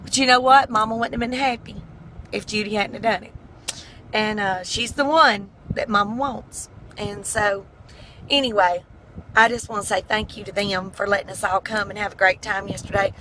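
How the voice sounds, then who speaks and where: A woman's voice: mid-range voice, fairly even intonation, normal speed, pushed and bright, slight background noise, poor audio. A middle-aged woman, chatting in a folksy, heartfelt way. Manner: folksy and heartfelt, tearful at times. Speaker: vlogger. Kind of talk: casual chat.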